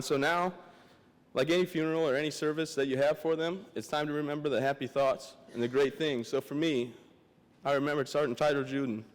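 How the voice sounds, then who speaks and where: A young man from Michigan giving an emotional, tearful memorial speech as a guest speaker, plain-spoken and heartfelt. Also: mid-range voice. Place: large hall. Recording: long hall reverb.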